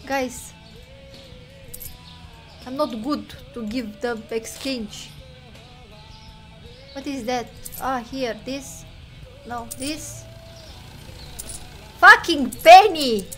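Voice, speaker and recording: Young woman streamer who talks slowly in a high voice, shouts at the game and mutters to chat; faint game music underneath. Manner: excitable, talks to chat, exclaims loudly and mutters numbers. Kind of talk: casual gameplay commentary.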